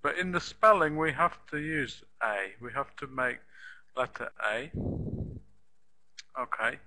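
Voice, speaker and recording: Slow, patient male English teacher. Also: medium pitch, expressive, pushed and bright, low-quality recording. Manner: slow, patient, repeats and spells out words. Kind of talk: online English lesson.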